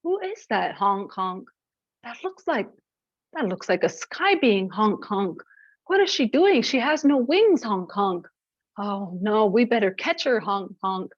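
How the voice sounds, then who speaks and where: A woman's voice: mid-range voice, lively intonation, a little slow, no echo. A woman voicing a flock of anxious geese who chatter and honk as they worry. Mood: worried. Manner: honking between anxious chatter. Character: flock of honking, fretful geese. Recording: dull, dry lo-fi recording.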